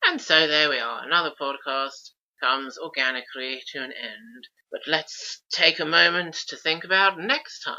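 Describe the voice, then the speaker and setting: A man hosts a laid-back podcast with a very bright, sharp tone. He talks eagerly and reels off lists. The sound is dull and lo-fi. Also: on the high side, normal speed, hardly any pauses. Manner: chatty, enthusiastic, lists things off. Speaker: podcast host. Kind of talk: casual podcast chat.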